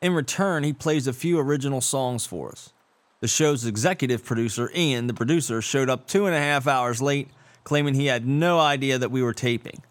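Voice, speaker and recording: A man's voice: medium pitch, fairly quick. A man hosting a show, reading a scripted introduction in a dry, sarcastic way. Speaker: show host.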